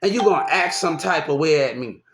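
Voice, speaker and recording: A man's voice: on the high side, fairly quick, background noise. A young man rambling through a personal story, repeating himself and restarting often. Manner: repetitive, restarts often, animated. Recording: roomy echo.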